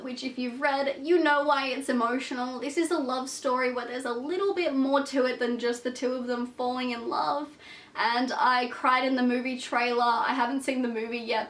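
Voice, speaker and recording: A woman's voice: high-pitched, far from the mic. A young woman with a sick, congested voice, chatting casually and emphatically as a book vlogger. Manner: chatty, emphatic, self-deprecating. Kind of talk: casual vlog chat. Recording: echoey room, voice set back from the mic.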